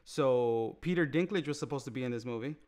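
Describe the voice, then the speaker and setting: A man co-hosting a casual movie review podcast, rambling with many restarts and getting animated. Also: mid-range voice, brisk. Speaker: podcast co-host.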